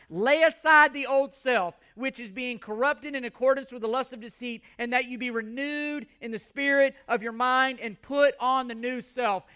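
A man's voice: very high voice, bright, forceful tone, clear, resonant tone. A man preaching a sermon, emphatic, repeating phrases and reading scripture aloud. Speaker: pastor.

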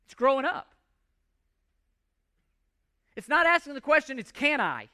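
Male pastor delivering an emphatic sermon; bright, forceful tone. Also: very high-pitched. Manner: emphatic preaching with repeated phrases and scripture readings.

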